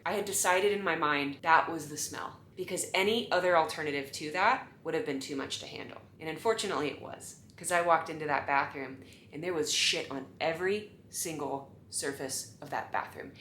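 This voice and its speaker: Animated woman telling a story, roomy echo. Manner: animated and exasperated, shifting between hushed asides and loud bursts. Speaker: storyteller vlogger. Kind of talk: casual storytime monologue. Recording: roomy echo with faint rumble.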